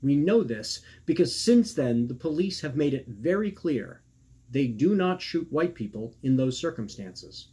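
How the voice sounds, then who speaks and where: A man reading his own personal essay aloud in an earnest, measured way, posing rhetorical questions. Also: a little high, big pitch swings, dark tone, slightly rough.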